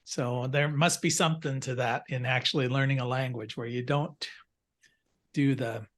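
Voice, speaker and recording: A man's voice: mid-range voice, steady tone, normal speed, a bit bright. Older man, rambling teacher. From United States. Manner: rambling, anecdotal, many fillers and restarts. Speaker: instructor. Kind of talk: casual classroom storytelling. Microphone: video call.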